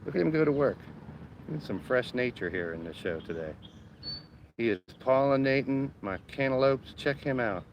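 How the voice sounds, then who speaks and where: A man chatting casually on a live stream from his home garden, excitable and talkative. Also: medium pitch, moderate pace, a little hiss or hum. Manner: excitable, chatty, cheering bees on.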